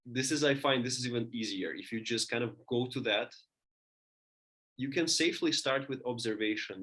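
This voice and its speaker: Man lecturing, halting and thoughtful. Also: mid-range voice, a bit bright. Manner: thinking aloud, many restarts and fillers. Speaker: teacher.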